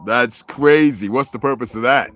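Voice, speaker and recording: A man's voice: medium pitch, moderate pace, a bit bright. A man hosting a livestream, ranting in a profane, preachy, confrontational way and greeting viewers by name. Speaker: livestream host. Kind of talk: livestream rant.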